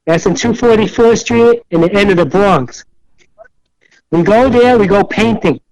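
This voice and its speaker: A man's voice: sits high, measured pace, vocal fry, no room sound, poor audio. An older man, a guest in a casual interview, telling rambling stories and acting out the other voices. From New York City. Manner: rambling, animated storyteller who acts out other voices in quotes.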